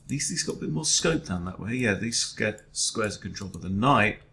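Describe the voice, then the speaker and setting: A man with a fairly low, gravelly voice talks through a chess game as he plays it. He is wry and self-deprecating and often mutters his thoughts half to himself. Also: animated, a little fast, sharp tone. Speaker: chess coach. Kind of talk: thinking aloud during an online chess game.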